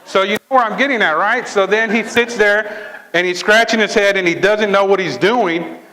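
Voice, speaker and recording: Bright high-voiced man telling a story. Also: moderate pace, rough recording. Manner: lively storytelling, checks in with "right?" and "okay?". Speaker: speaker at a sales training event. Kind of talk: motivational story talk.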